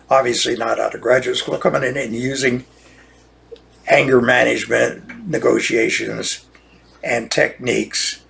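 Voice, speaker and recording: The speaker is an older American man, retired from law, ranting indignantly in a monologue where he repeats points and often restarts. His mid-range voice is creaky and a bit bright.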